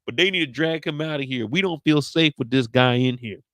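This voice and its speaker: A man's voice: medium pitch, fairly quick, fairly bright tone, no room sound. A man hosting a casual, profane recap and reaction to a TV episode, telling it as a comic story. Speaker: host.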